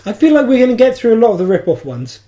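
A woman's voice: a little high, big pitch swings, racing, warm tone. A woman co-hosting a casual podcast chat from England, chatty and self-mocking, laughing often. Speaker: podcast co-host.

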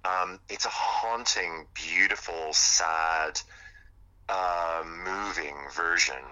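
A man's voice: low voice, very slow, sharp tone, smooth, poor audio. A man from Montreal, Canada, chatting enthusiastically as a guest, rambling with many fillers. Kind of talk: casual chat.

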